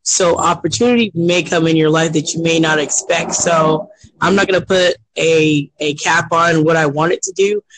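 A man hosting a podcast, talking in a steady, earnest, casual way about his goals. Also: fairly high pitch, moderate pace, slight background noise, low-quality recording. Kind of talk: casual chat.

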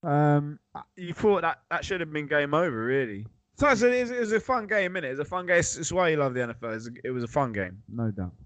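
A man's voice: fairly high pitch, quick pace, no room sound. Chatty man, very dry sound. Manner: animated, chatty, jokey asides. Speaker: podcast co-host. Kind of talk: casual sports chat.

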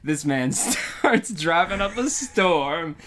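A woman's voice: lowish voice, animated, slow, a bit bright, slight background noise. A woman co-hosting a comedy podcast, laughing often as she acts out silly scenarios in casual chat. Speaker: podcast co-host.

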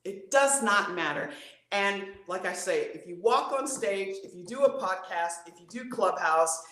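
A woman voice coach on a video call, talking in a playful, animated way and acting out voices. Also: a little slow, echoey room. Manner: playful, acts out voices, swings pitch widely. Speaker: voice coach guest.

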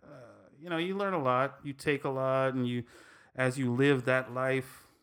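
A man's voice: medium pitch, steady tone, normal speed, fairly bright tone, smooth. A man with a Hawaiian Pidgin accent, co-hosting a podcast and chatting in a laid-back, rambling way. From Hawaii and Tennessee. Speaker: podcast co-host. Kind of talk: casual chat.

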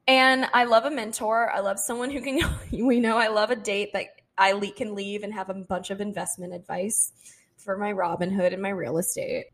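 A young woman co-hosting a podcast, telling a dating story in casual chat, acting out what people said and laughing often. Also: a little high. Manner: animated, quotes people in her own voice, laughs often. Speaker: podcast co-host.

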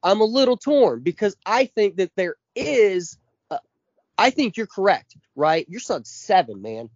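A man's voice: high voice, big pitch swings, unhurried, no echo, highs cut off. A man in his forties co-hosting a podcast, ranting with constant swearing and heavy emphasis. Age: 40s. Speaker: podcast co-host. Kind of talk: casual chat.

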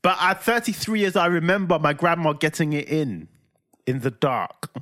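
A man's voice: fairly high pitch, moderate pace. A man, co-hosting a casual podcast chat and telling stories with lots of acted-out sounds and laughter. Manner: animated storyteller, acts out voices and sounds, laughs often. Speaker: podcast co-host.

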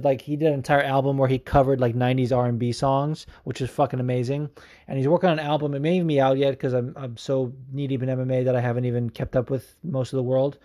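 A man's voice: medium pitch, mellow. A man hosting a podcast, chatting casually in a rambling, profane way with lots of filler words. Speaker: podcast host. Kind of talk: casual chat.

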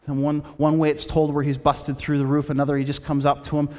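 A man preaching a sermon, retelling stories in a lively way and dropping his voice low and quiet for quoted lines. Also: fast, big-room sound. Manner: storytelling with quoted voices, shifting between loud and hushed. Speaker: pastor.

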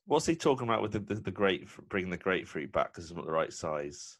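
A man's voice: low voice, sing-song, fast, a bit bright. A man hosting a podcast in casual, jokey chat. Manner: chatty, jokey, self-deprecating. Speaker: podcast host.

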